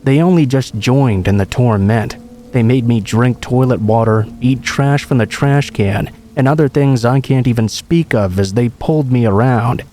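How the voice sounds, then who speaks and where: A man tells a true horror story in scripted narration. His voice is mellow and dark, sitting at a middle pitch, and his delivery stays calm and steady throughout. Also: normal speed, slight background noise.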